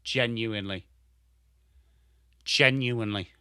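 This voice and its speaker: A young Englishman with an English accent hosting a live football watchalong stream, excitable and sweary, rattling off player names, tired from little sleep. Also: on the low side, slow pace, clear, resonant tone, no room sound, studio quality. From England. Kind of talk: live commentary and chat stream.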